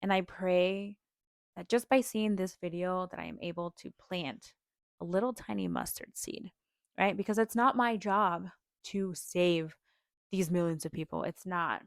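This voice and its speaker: A woman's voice: lowish voice, a little slow, dry recording, studio quality. A young woman hosting a podcast, telling a personal story in a casual, earnest way, full of "like" and "um" and small laughs. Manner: chatty, with many "like" and "um" fillers and frequent small laughs; earnest and openly emotional. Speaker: podcast host.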